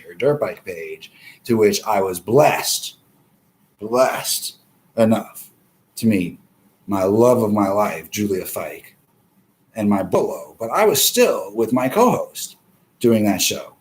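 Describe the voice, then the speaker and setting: Profane man ranting on a livestream. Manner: swears constantly, greets chat viewers by name; conspiratorial, swings between loud outbursts and low mutters. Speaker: livestream host.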